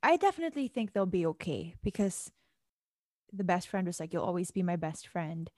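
Casting note: relaxed woman podcast co-host, friendly and supportive, dry close-miked sound. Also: lowish voice, brisk, no echo. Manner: chatty, supportive, says "like" and "dude". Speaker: podcast co-host reading listener letters. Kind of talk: casual advice chat.

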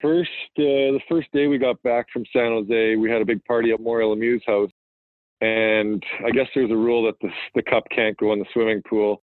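A man's voice: medium pitch, normal speed, dry recording. Man on a tinny phone line. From Manitoba, Canada. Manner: relaxed, rambling, frequent fillers and restarts. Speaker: guest, professional hockey player. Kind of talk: casual phone interview.

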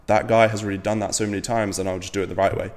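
A man's voice: lowish voice, level tone, very fast, in a large hall. A man in his twenties from Latvia, a podcast guest talking bluntly and casually, with lots of fillers and swearing. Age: 20s. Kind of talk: casual interview talk.

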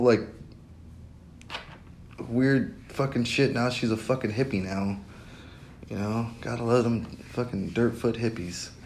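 A man's voice: lowish voice, slight background noise. A young man hosting a podcast alone, rambling in a casual monologue, swearing constantly and breaking into laughter. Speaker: podcast host.

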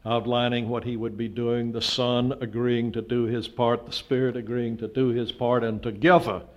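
A man's voice: mid-range voice, flat delivery, moderate pace. Older male preacher, dull lo-fi sound. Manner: emphatic, rising to loud peaks when stressing a point. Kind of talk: sermon.

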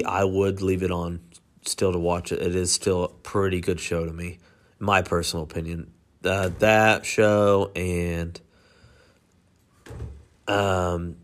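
A young adult man giving casual movie reaction commentary, rambling with lots of fillers and swearing. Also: low voice. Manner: rambling, profane, full of fillers. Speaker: movie reviewer.

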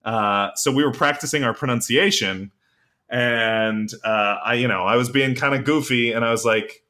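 A man's voice: mid-range voice, normal speed, pushed and bright. A man co-hosting a casual podcast, rambling with lots of fillers as he explains basic Japanese. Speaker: podcast co-host.

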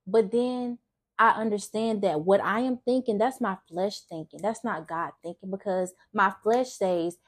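A young woman talks openly about her faith and her past, earnest and emotional. Her voice is husky and of middle pitch. She speaks casually, often stopping to restart a sentence. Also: unhurried. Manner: casual speech with frequent restarts. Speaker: faith vlogger. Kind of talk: personal testimony talk.

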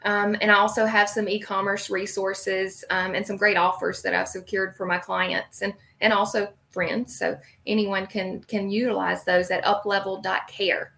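A woman's voice: mid-range voice, level tone, normal speed, gravelly, hardly any pauses, bright, forceful tone. Female guest, Southern US accent, casual and upbeat, filler-heavy speech. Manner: casual and upbeat, many likes. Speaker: guest, practice consultant. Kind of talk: interview chat.

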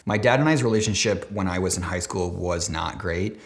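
Rambling heartfelt young man, lower voice. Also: moderate pace. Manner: rambling, emotional, many fillers and restarts, swears casually. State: near tears, choked up at times. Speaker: vlogger. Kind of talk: casual heartfelt talk to camera.

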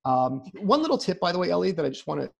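Creaky, husky-voiced man giving advice. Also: sits high, very animated, racing. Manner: repeats words when starting sentences; explains in numbered practical steps. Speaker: therapist guest. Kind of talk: casual advice conversation.

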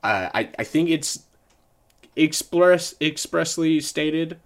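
A man's voice: a little high, lively intonation, slow pace. A man hosting a solo podcast, reviewing a movie in a casual, rambling way, often restarting sentences and chuckling. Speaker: podcast host. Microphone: desk mic.

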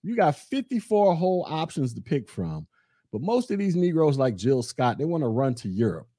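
A man's voice: on the high side, big pitch swings, normal speed, warm tone, no echo, studio quality. A man hosting a solo podcast, delivering a sarcastic, ranting opinion commentary straight to his listeners. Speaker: podcast host.

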